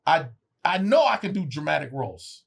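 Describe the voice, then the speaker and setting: A man in his forties, a guest actor telling stories in casual chat, animated, acting out quotes and swearing freely. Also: a little high, a little fast, vocal fry, breathy edge.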